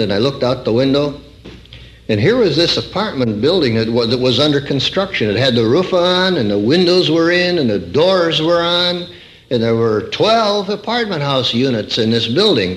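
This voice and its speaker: An older man preaching a sermon, quoting scripture and telling a story with rising emphasis. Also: mid-range voice.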